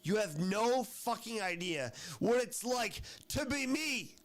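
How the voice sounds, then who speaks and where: A man reacting to clips on his livestream, rambling and emotional, with frequent swearing. His voice is fairly high and swings widely in pitch. He talks slowly, with a gravelly fry. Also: expressive. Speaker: streamer reacting to videos.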